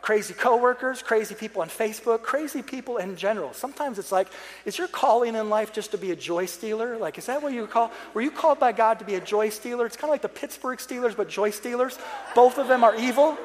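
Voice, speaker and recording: Young male preacher, high voice, chatty sermon with jokes and earnest prayer; long hall reverb. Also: fast talker. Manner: conversational, joking asides, earnest prayer passages. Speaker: pastor.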